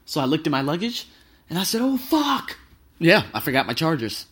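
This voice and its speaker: A thirty-year-old man, a travel vlogger, telling stories casually and excitably, swearing freely. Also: on the high side, fast talker, slightly rough. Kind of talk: casual storytelling.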